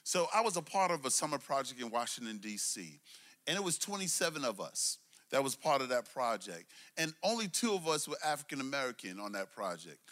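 Bright-voiced Brooklyn preacher man. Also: medium pitch, sing-song, a little fast. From Brooklyn, New York. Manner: call-and-response preaching, rising and dropping emphasis. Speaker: pastor. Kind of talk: sermon.

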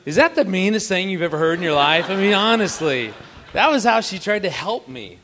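A man's voice: high-pitched, big pitch swings, moderate pace, bright, forceful tone. A man telling a funny story to an audience at a family camp, playful and teasing. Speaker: married couple's co-speaker at a family camp.

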